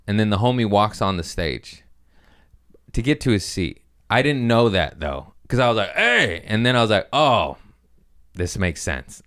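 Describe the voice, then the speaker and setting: A man's voice: deep voice, clean tone. A man hosting a podcast, casually telling a rambling, profane story about his comedy gig.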